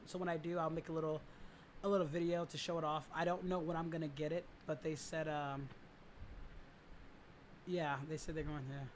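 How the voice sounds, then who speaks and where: A man hosting a livestream in a casual, rambling way, his voice still a little hoarse while it recovers. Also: fairly high pitch, slight background noise, rough recording. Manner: rambling, filler-heavy, with frequent restarts. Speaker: livestream host.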